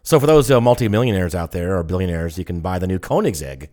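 A man's voice: low voice, lively intonation, quick pace, mellow. A middle-aged man co-hosting a podcast, rambling in an easygoing way and trailing off mid-thought. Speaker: podcast co-host. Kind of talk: casual chat.

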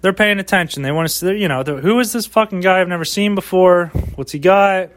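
A man's voice: high voice, fairly quick, no echo. A man hosting a solo podcast, rambling casually with lots of swearing and mock pep talk, recorded outdoors. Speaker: podcast host.

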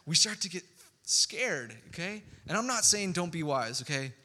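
A man preaching a sermon as pastor, in a conversational, animated way with asides to the congregation. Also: a little high, moderate pace, big-room sound.

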